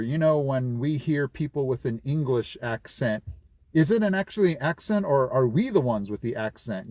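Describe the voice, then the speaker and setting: A man's voice: mid-range voice, a little mellow, no echo. A middle-aged man from California chatting casually in a vlog, rambling with lots of fillers and restarts. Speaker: vlogger.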